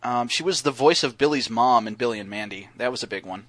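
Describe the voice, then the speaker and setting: A man's voice: mid-range voice, quick pace, a bit bright, dry recording. Rambling man on a dry podcast mic. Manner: rambling, many fillers and restarts. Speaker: podcast guest co-host. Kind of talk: casual podcast chat.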